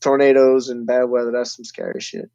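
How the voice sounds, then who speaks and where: A man telling stories in casual, profane podcast chat, animated and loud on quoted lines. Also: medium pitch, a little fast, dry recording. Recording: dull, dry lo-fi recording.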